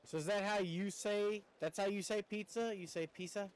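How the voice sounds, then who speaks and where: A man's voice: high voice, steady tone, moderate pace, smooth. A man streaming a game, chatting casually with viewers in a rambling way and laughing often. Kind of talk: casual chat while gaming.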